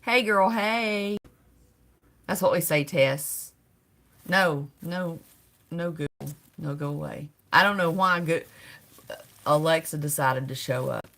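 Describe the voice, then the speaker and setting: A woman's voice: low voice, measured pace, creaky, fairly bright tone. A middle-aged woman hosting a casual livestream, greeting viewers by name and laughing often. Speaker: livestream host.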